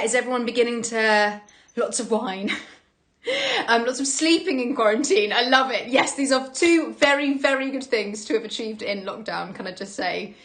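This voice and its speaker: A woman's voice: medium pitch, a bit bright. A woman hosting a livestream from home, chatting casually and greeting viewers. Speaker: livestream host. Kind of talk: casual chat.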